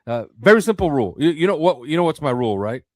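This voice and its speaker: A man co-hosting a casual sports podcast. He talks in an animated way, laughs a lot and acts out lines, his pitch rising and falling widely. The sound is dry and close. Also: fast talker, no echo. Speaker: podcast co-host.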